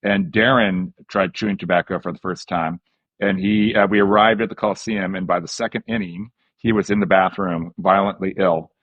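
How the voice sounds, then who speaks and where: Low-voiced podcast host, slightly dull audio. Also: male voice, fairly even intonation, normal speed, no echo. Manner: conversational anecdote-telling with fillers. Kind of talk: casual podcast chat.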